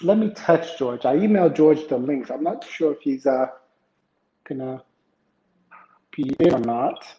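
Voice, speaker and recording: A man's voice: medium pitch, animated, unhurried, pauses often, dark tone, a little hiss or hum. Chatty man hosting a tech livestream. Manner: rambling, chatty, greets viewers in chat, many fillers. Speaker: livestream tech show host. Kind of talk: casual live-stream chat and news reading. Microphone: home setup, iPad camera and PC. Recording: echoey room, dull lo-fi sound.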